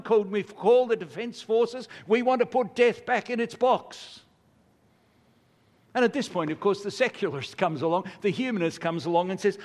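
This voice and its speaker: An older man preaching a sermon, earnest and building to emphatic rhetorical questions. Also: high voice. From Australia. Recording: long hall reverb.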